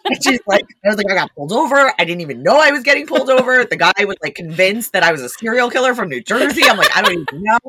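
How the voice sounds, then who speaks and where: A woman's voice: medium pitch, sing-song, quick pace, few pauses, heavy background noise. A young woman, a rescue founder, telling stories casually with lots of laughter and quoted dialogue. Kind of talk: casual storytelling.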